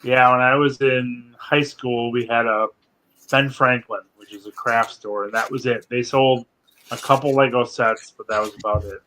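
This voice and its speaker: A man's voice: medium pitch, steady tone, moderate pace, sharp tone, slight background noise, poor audio. A sleepy man co-hosting a casual live stream, joking dryly as he reminisces. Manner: dry and joking, tired. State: sleepy, yawning. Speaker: co-host. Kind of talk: casual chat.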